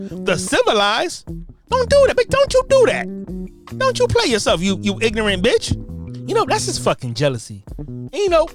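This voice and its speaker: An American speaker delivering a loud, profane, combative rant that keeps repeating its points. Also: medium pitch. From United States. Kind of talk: ranting monologue.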